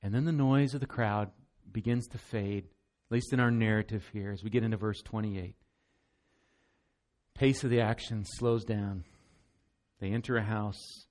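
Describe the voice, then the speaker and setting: A man's voice: fairly low pitch, steady tone, normal speed, long pauses, darkish tone. A man preaching a sermon as pastor, earnest and emphatic, often repeating words as he goes.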